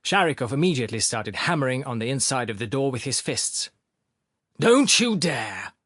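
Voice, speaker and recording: A man with a medium-pitched voice narrates an audiobook, giving a measured, expressive reading of scripted text. The studio sound is clean with no echo.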